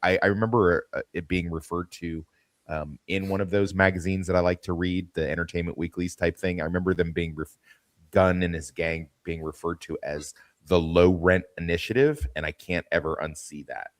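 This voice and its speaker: A man with a deep voice and a slight lisp hosts a loose, jokey chat, rambling between points and swearing casually. His voice is recorded dry and close. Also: flat delivery, normal speed, no room sound. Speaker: podcast host.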